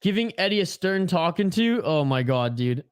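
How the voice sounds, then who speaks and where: Hosting a hockey watch-along live stream, a man chats and rants casually with viewers while commenting on the game. His slightly high voice is sing-song, clear and resonant at a moderate pace, in a dry, studio-quality recording.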